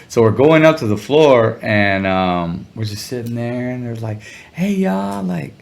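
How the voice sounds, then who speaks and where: A man telling a story in a relaxed interview, talking in slang and sounding animated when he quotes people. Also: medium pitch, normal speed. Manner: laid-back, slangy, animated when quoting others. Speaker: guest musician.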